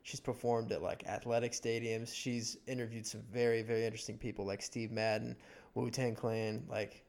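A man's voice: medium pitch, flat delivery, moderate pace, gravelly, darkish tone. Man, 20s, podcast co-host, casual chat, heavy use of "like", mid-range voice. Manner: filler-heavy, says "like" often.

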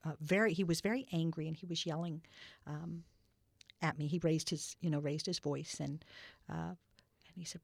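An older woman telling stories in an interview, earnest and halting with many restarts. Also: deep voice, vocal fry, no room sound, studio quality. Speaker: guest. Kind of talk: storytelling in a podcast interview.

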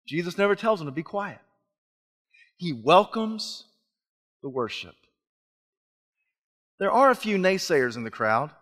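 Male preacher, high voice, rhetorical questions, hush to shout, church echo. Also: sing-song, unhurried, long pauses. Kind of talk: sermon. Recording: long reverb of a large hall.

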